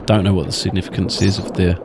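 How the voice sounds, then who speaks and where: A man's voice: deep voice, level tone, quick pace, over music. A man giving wry, chatty commentary over a game playthrough. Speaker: gaming channel host.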